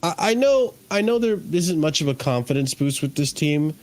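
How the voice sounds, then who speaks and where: A man with a slightly raised pitch on a live football stream panel. He talks in quick, joking banter. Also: expressive, a little mellow. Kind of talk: casual live chat.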